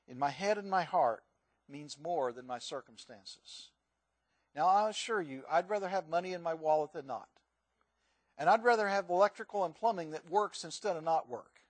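A man's voice: high-pitched, no room sound. A male pastor giving a conversational sermon, asking the congregation questions.

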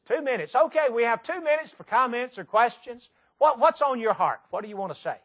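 A man with a Tennessee accent delivers a sermon from the pulpit. His voice sits high for a man, and he speaks with animated energy, throwing rhetorical questions at the congregation. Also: a little fast. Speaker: preacher. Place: church.

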